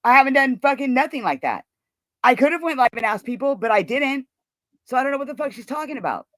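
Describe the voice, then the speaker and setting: A woman's voice: sits high, animated, fast talker, a bit bright, no echo. Blunt, cursing woman streamer. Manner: blunt, profane, defensive. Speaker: livestream host. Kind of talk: heated casual livestream chat.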